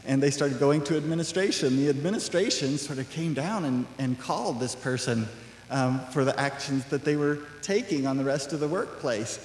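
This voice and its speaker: A male pastor preaching a sermon in a relaxed, conversational way, full of asides. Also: mid-range voice, normal speed, a little hiss or hum. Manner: conversational, animated, acts out quoted voices with laughs. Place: church sanctuary. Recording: echoey church hall.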